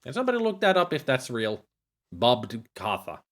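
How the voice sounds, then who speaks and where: A man's voice: medium pitch, huge pitch swings, normal speed, fairly bright tone. A man streaming a horror game, joking and chatting with his viewers in casual commentary. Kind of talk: casual let's-play commentary.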